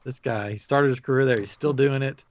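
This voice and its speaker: A man hosting a podcast, telling a story in a casual chat with lively acted-out quotes. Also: mid-range voice, brisk, lo-fi sound. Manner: animated retelling with acted quotes. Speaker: podcast host.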